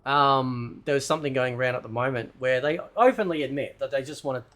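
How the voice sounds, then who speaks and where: A man's voice: medium pitch, fast, a bit bright, soft background music. A man hosting a ranting commentary video, loose and combative, who keeps asking "right?". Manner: loose, rambling delivery with fillers and swearing. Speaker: commentary channel host.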